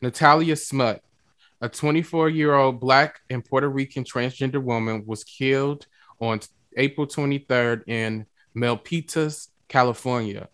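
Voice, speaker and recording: A man hosting a music and talk radio show, lively and playful, with slang and drawn-out emphasis. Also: medium pitch, smooth, no echo.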